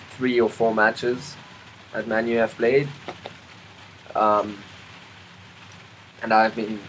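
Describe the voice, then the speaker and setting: A man's voice: on the low side, a little hiss or hum, poor audio. A man vlogging in a casual, rambling monologue, full of ums, restarts and side remarks. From South Africa. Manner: rambling, self-interrupting, many ums and restarts; chatty, asides to the weather.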